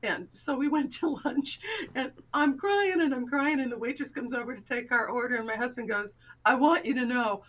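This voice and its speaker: Lively high-voiced woman telling a story. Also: moderate pace, muffled recording. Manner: animated, acts out quoted voices. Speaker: guest confidence coach. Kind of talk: storytelling in a casual interview.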